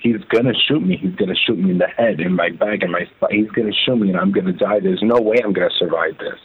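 A man telling his own story as an interview guest, halting and repeating words as he recounts it. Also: deep voice, slightly rough. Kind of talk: emotional first-person testimony. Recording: phone-like narrow band.

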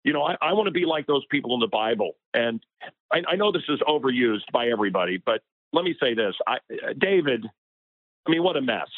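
A man's voice: medium pitch, lively intonation, brisk, dry recording. Guy on a tinny phone line getting all fired up, dry sound. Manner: impassioned, gets worked up. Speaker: guest, radio personality. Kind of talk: heated interview conversation.

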